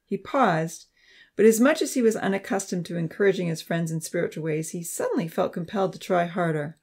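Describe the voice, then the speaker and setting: A man narrating a Christian youth novel in a steady, clear storytelling voice. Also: high voice, brisk. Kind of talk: audiobook narration.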